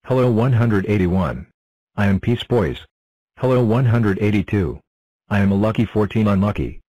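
Number block for a cartoon, male voice, low and dry, stiff self-introductions. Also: normal speed, no echo, poor audio. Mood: plain. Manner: announces itself in short flat sentences. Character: cheerful talking number block.

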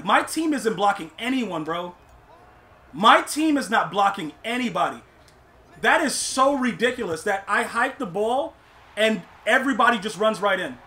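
A young man streaming a football video game, complaining to himself and his chat and shouting in disbelief at bad plays. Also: high voice. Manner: exasperated, talks to himself and chat. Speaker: gaming streamer. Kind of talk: live gameplay commentary.

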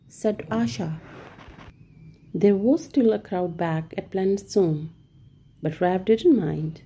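Slow, mellow woman reading a children's story. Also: medium pitch, husky. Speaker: storybook reader. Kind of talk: children's story read-aloud.

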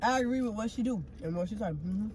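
A woman's voice: medium pitch, fast, darkish tone, slight background noise. A woman vlogger chatting casually and candidly with her partner over a meal. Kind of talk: casual couple vlog chat while eating.

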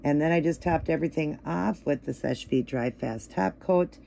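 A man hosting a casual nail art tutorial, talking viewers through each step in a relaxed, chatty way with plenty of ums and you-knows. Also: fairly high pitch, normal speed, creaky, slight background noise.

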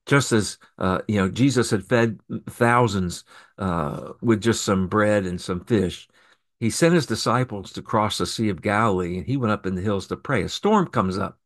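A male pastor preaching a sermon, pushing key phrases up in pitch and volume for emphasis and reading scripture aloud in a steady narrating voice. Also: moderate pace.

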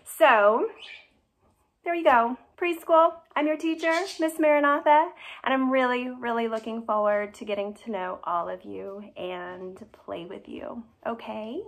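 Woman preschool teacher at home, highish voice, slow and exaggerated for the kids. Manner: animated and questioning, exaggerated for kids. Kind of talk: addressing young children in a video. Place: her home, indoors.

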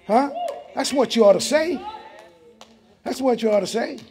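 A man's voice: very high-pitched, expressive, moderate pace, a little mellow. A man, preaching as pastor in a church, emphatic and full of rhetorical questions. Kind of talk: sermon.

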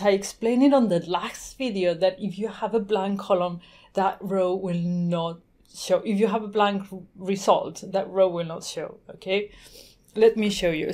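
Woman doing a screen-recorded software tutorial, chatty, thinks out loud, laughs here and there, middle pitch. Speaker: tutorial host.

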